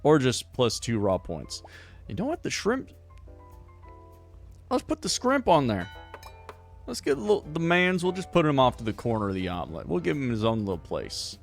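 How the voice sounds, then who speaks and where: A man's voice: mid-range voice, wildly swooping pitch, moderate pace, vocal fry, pauses often, soft background music. Playful man streaming a game. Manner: playful, silly voices, thinking aloud. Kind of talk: live gameplay commentary.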